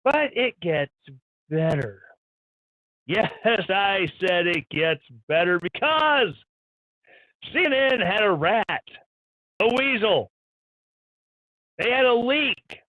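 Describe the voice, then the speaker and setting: A man's voice: sits high, lively intonation, slow, pauses often, no echo. A man hosting a live stream, delivering sarcastic, irreverent news commentary in a ranting style. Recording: dull lo-fi stream audio.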